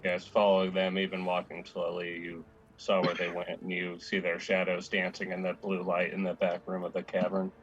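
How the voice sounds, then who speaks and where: Low-voiced man running a tabletop game. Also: monotone, moderate pace, highs cut off. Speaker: dungeon master.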